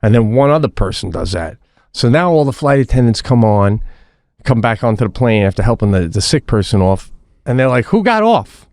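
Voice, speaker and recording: A man co-hosting a podcast, telling a casual story in an animated way, swearing and restarting his sentences. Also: fairly low pitch, a little fast, dry recording, clean studio sound. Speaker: podcast co-host.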